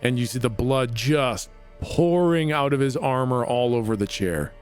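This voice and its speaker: Guy running a tabletop game, mid pitch, lots of ums, faint music behind. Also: clear, resonant tone. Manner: casual, halting with fillers. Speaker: game master.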